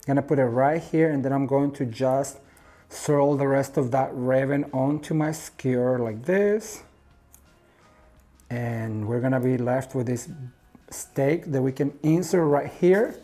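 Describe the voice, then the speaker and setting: A man's voice: mid-range voice, mellow. A man from Mexico hosting a home decor craft tutorial, chatty and gushing, calling his viewers "you guys" and "honey" as he works at his craft table at home.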